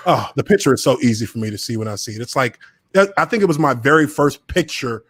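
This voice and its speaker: A man's voice: mid-range voice, quick pace, breathy edge, no echo. A man hosting a podcast, casually telling a long story at his computer and animating the people in it. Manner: animated, acts out others' voices in quotes. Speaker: podcast host, former football lineman. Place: home studio at a computer.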